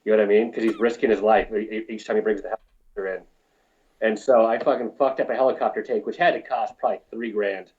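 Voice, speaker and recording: A man's voice: lowish voice, fairly even intonation, quick pace, darkish tone, highs cut off. Profane, rambling male film crew storyteller. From New Mexico. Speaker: film crew lighting technician, guest. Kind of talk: casual storytelling interview.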